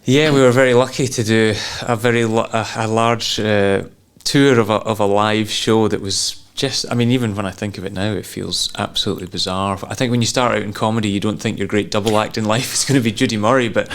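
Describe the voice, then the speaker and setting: A Scottish man in at least his thirties, a comedian giving a relaxed interview, easygoing and self-deprecating with frequent chuckles. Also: on the low side, fairly quick, clear, resonant tone. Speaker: comedian and actor guest.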